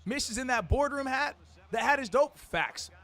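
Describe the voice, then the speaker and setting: A man's voice: extremely high pitch, lively intonation, moderate pace, sharp tone. A young man calling a college football video game tournament on his live stream, hyping plays in casual slang and chatting with viewers. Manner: hype play-by-play with casual slang, chats with viewers. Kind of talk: live-stream play-by-play commentary.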